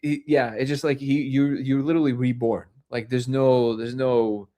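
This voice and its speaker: A man's voice: mid-range voice, little pitch movement, normal speed, mellow. A man hosting a live discussion show, telling stories in a rambling way with many fillers and restarts. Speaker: host.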